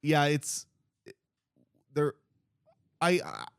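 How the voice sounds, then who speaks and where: A man's voice: a little high, wildly swooping pitch, drawn-out words, creaky, clean tone, dry recording, studio quality. A man co-hosting a casual book-review podcast, candid and sarcastic, swearing freely. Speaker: podcast co-host.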